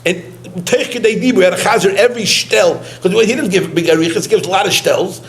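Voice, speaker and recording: High-voiced man telling memories in a eulogy. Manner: halting, repeats words, mixes in Yiddish and Hebrew terms. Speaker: eulogist, former student. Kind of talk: eulogy told as personal anecdotes.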